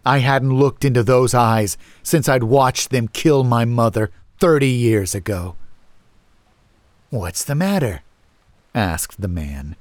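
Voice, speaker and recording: A man narrating a first-person horror story in a slow, measured, brooding way. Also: medium pitch, no echo.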